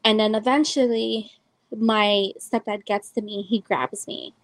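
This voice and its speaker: Hosting her podcast, a woman from El Salvador in her twenties tells a personal story loosely, with many "likes" and "ums." Her mid-range voice is steady and measured, in a dry, low-quality recording.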